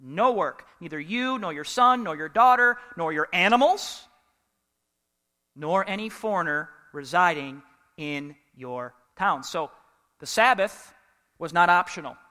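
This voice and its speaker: A man preaching a sermon in an animated, humorous way, putting questions to the congregation. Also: high-pitched, a little slow, long reverb tail. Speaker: pastor.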